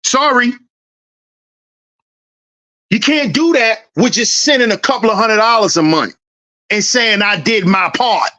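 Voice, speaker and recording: This man has a very high-pitched voice that is pushed and bright, with the highs cut off, and he speaks a little slowly with long pauses. He hosts a commentary channel, giving a heated, preachy monologue and acting out confrontations in a dad's voice.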